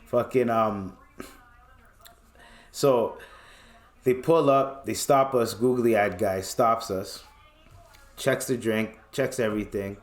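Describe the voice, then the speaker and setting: A man's voice: mid-range voice, slow pace, pauses often. A young man spins a casual podcast story in a middle-range voice. He is loose and profane, and he slips into quoted voices as he goes. The room gives his voice a noticeable echo. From Canada. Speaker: podcast host. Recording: roomy echo.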